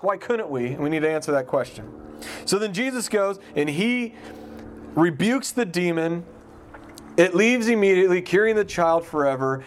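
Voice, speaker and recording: A man's voice: sits high, big pitch swings, fairly quick, a little hiss or hum. A man giving an informal Bible teaching in a conversational way, asking his listeners questions as he goes. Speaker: pastor.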